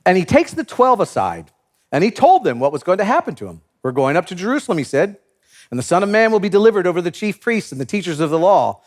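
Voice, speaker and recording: Animated high-voiced male preacher. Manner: animated, acts out biblical characters with comic voices; laughs often while preaching. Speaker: pastor. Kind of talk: sermon.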